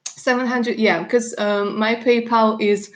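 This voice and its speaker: A woman's voice: on the high side, fairly even intonation, a little slow. Russian woman reading tarot live, chatty. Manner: chatty, laughing, calls viewers darling. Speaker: tarot reader.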